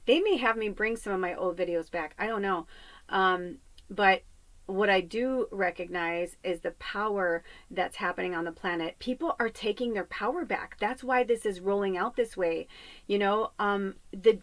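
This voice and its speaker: A psychic medium from the US West Coast talks in a casual, rambling, chatty spiritual monologue, swearing freely from her home podcast set. Her voice sits in the mid-range at a normal speed. The recording is dry and low in quality.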